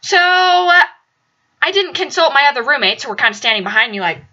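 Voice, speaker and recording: A young woman casually telling a story about her apartment, acting out the quotes with big swings in her voice. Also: a little fast. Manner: animated, acts out quotes with big pitch jumps. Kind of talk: casual anecdote. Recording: dull lo-fi audio.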